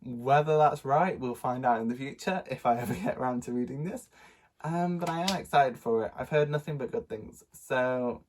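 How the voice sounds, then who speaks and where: A man's voice: mid-range voice, moderate pace. Nasal, chatty young man vlogging. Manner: chatty, rambling with many ums and laughs. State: nasal from a cold. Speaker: book vlogger. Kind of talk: casual book haul vlog.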